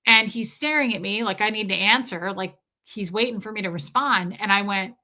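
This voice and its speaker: A woman's voice: mid-range voice, normal speed, few pauses, bright, forceful tone. A woman hosting a casual livestream, talking to her viewers in a rambling way, trailing off and restarting her sentences. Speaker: livestream host reading viewer comments.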